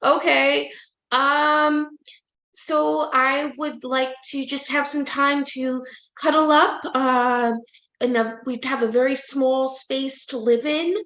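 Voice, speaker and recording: A woman doing a squeaky little mouse. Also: fairly even intonation, slow, a bit bright, full character voice. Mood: timid. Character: small shy female mouse wanting a family. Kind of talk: improv comedy character. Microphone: video call. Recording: echoey room on a video call.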